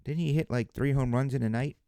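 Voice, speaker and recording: This card-breaking livestream host is a man who keeps things casual, talking with viewers and calling out players' names as they come up. His voice is medium-pitched and mellow, and he talks a little fast.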